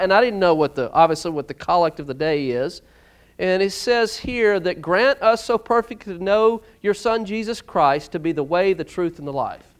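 Male pastor, high voice, emphatic sermon delivery in a church. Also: clear, resonant tone. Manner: emphatic, surges loud on key words. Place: church sanctuary.

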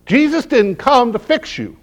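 A middle-aged male pastor preaching a sermon with humorous stories, dropping to hushed low lines and rising to loud emphatic peaks. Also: wildly swooping pitch, measured pace. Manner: humorous storytelling.

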